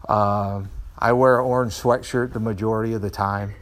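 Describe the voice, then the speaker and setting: Middle-aged guy in a dojo telling stories, animated, keeps restarting sentences. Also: lowish voice, normal speed. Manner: animated, acts out voices in his stories, frequent restarts. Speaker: martial arts student being interviewed. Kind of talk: candid personal storytelling. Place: martial arts dojo.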